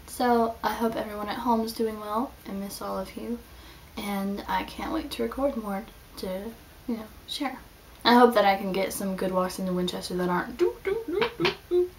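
A young woman chatting casually in a video diary, rambling with lots of "like" as she tells her week. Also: mid-range voice. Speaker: student vlogger. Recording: slightly distant mic, faint background hiss.

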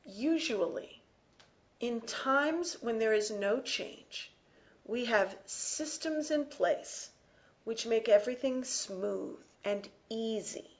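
Woman teacher explaining a book line by line, slow and emphatic, slightly high voice. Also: lively intonation. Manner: emphatic, repeats and defines words slowly. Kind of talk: lecture, close reading of a text.

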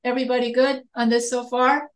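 A woman's voice: a little high, flat delivery, fairly quick, low-quality recording. An American woman teaching an online grammar lecture, explaining step by step, repeating points and correcting herself. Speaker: writing instructor.

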